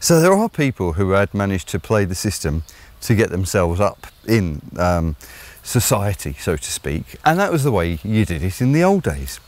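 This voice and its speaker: With a low, darkish voice full of big pitch swings, this Englishman hosts a vlog of opinionated solo commentary at a moderate pace. His talk is rambling and hesitant, packed with fillers, and punctuated by blunt, sardonic remarks.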